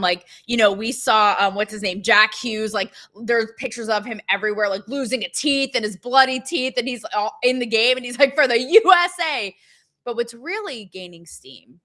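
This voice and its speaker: A young woman talks through the news in a loose, chatty way, full of fillers and sarcastic asides. Her voice is bright and crisp, at a middle pitch for a woman. She sounds like the host of a casual opinion show.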